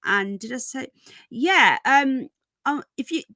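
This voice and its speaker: A woman hosts a casual livestream from home, greeting each viewer by name and calling them darling and sweetheart. Her voice sits fairly high. The sound is dry and close, with little room around it. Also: animated, takes it slowly, pushed and bright, no room sound. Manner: chatty, affectionate, calls viewers darling and sweetheart. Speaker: livestream host.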